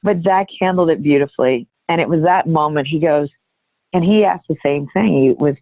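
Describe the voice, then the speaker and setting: A woman guest telling a personal story in an earnest, halting way, often restarting her sentences. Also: sits low, dry recording. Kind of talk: candid reflective storytelling. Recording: thin phone-like audio.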